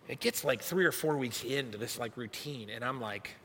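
A young man, a youth pastor, telling a funny personal story in a sermon with animated, self-mocking delivery. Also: medium pitch, fairly quick, hardly any pauses, slight background noise. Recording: echoey hall reverb.

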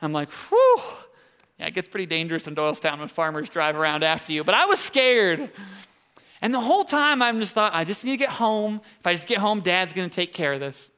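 A man's voice: high voice, animated, fast, bright, forceful tone, smooth. A young adult man giving a sermon, a pastor who tells a self-deprecating personal story to make his point.

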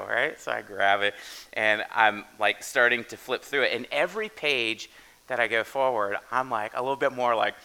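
A man's voice: medium pitch, a little fast, vocal fry, bright, forceful tone. A man in his thirties, a pastor telling a story in a chatty, casual sermon and often asking "right?".

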